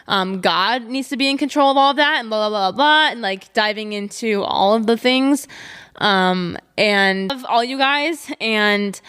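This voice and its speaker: A woman's voice: mid-range voice, fairly bright tone, clean tone. A young woman hosting a solo podcast, talking casually and chattily with lots of fillers and trailing "blah, blah.". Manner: chatty, filler-heavy, says blah blah often. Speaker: podcast host.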